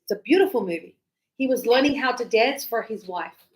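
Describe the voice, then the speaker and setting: Animated middle-aged woman English teacher, high voice, acts out examples. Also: brisk. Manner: animated, acts out little dialogues. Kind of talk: lively teaching explanation with acted examples.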